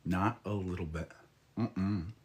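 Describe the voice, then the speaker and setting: A man talking to his live audience in a casual, flirty way, all soft murmurs and teasing asides. His voice sits very low, and he takes his time, letting each word linger. He is still getting over a head cold. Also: slow, slight background noise. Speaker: voice actor chatting live with viewers. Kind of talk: casual live-stream chat.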